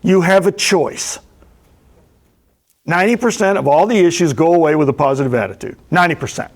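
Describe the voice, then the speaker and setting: A man's voice: on the high side, expressive, fairly quick. A man giving opening remarks as a motivational speech, telling stories and repeating key phrases for emphasis.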